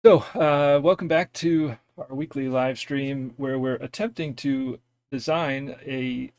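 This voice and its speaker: A man from the US East Coast hosts a casual technical live stream from home. His mid-range voice has a darkish tone and vocal fry, and he talks hesitantly, full of fillers and self-deprecating asides.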